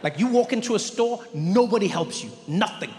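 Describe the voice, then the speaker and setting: High-voiced stand-up comedian. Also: male voice, a little fast. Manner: animated storyteller, jumps into voices, repeats words for emphasis. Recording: long reverb of a large venue, faint ambience.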